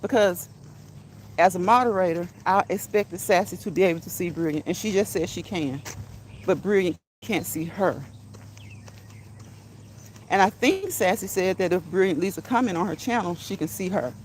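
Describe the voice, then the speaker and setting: A woman's voice: lowish voice, normal speed, slight background noise. A woman hosting a casual live stream while walking outdoors, chatting with her viewers, laughing often and reading the chat aloud. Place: outdoors on a neighborhood walk.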